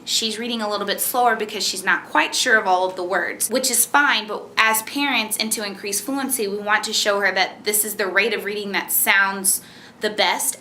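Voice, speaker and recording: A woman's voice: medium pitch, sharp tone, a little hiss or hum. A woman teacher explaining a reading method step by step, patient and encouraging, and reading a children's book aloud. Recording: echoey room.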